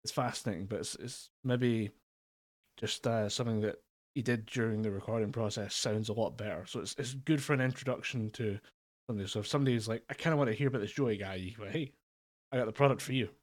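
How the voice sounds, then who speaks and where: A man's voice: on the low side, fast talker. A man co-hosting a podcast over a remote call, chatting casually in a rambling way with frequent fillers and laughs. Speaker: podcast co-host. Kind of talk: casual chat. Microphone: remote call mic.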